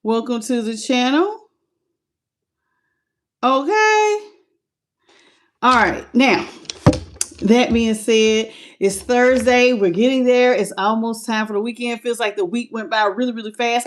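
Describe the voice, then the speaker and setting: A woman's voice: on the high side, unhurried, pauses often. A woman, chatting casually while doing a live-stream tarot reading and greeting viewers by name. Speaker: tarot reader.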